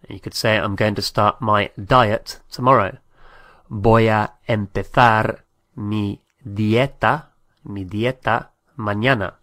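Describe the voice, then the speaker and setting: A man teaching a language lesson, saying each phrase slowly and repeating it, sometimes spelling words out letter by letter. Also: lowish voice, steady tone, a bit bright, no echo, clean studio sound.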